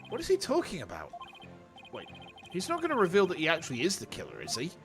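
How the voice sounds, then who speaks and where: A man voicing an earnest young male lawyer, upset and pleading, his voice pushed higher. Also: huge pitch swings, quick pace, music in the background. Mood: distressed.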